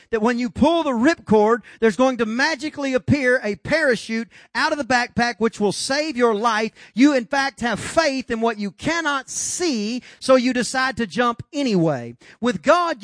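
A middle-aged male pastor with a notably high voice, preaching with big dramatic swings from loud, urgent lines to hushed ones. The sound is close and dry, with no room echo. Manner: preaching with dramatic rises and drops, acting out God's voice. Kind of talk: sermon. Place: church.

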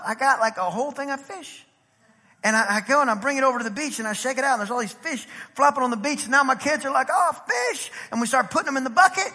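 High bright-voiced East Texas preacher. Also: male voice. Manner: animated, acts out dialogue in the story. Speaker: pastor. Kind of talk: storytelling sermon. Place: church sanctuary. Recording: reverberant church hall.

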